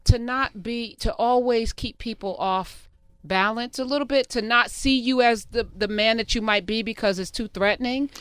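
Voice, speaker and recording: A woman's voice: a little high, normal speed, few pauses, clear, resonant tone, no echo. A woman hosting a radio talk show, interviewing a guest in a conversational, probing way. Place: radio studio.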